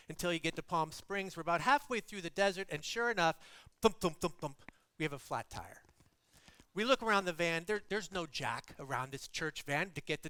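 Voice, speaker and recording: Bright, animated male preacher. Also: on the high side, clean tone, dry recording. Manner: animated storyteller acting out voices. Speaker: guest preacher and theology professor. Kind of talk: storytelling sermon.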